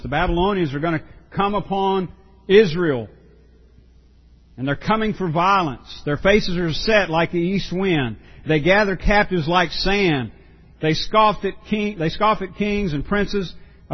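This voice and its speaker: A pastor preaching a sermon, earnest and emphatic, often repeating words for stress. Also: male voice, a little high, unhurried, muffled recording.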